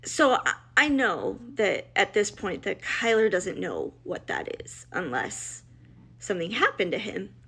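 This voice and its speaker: Middle-aged mother, personal storytelling, blunt and emotional, mid-pitched voice, restarts often. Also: big pitch swings, measured pace, bright, forceful tone, breathy edge. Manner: emotional, blunt, quotes others in dialogue, many restarts. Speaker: mother telling her family's story.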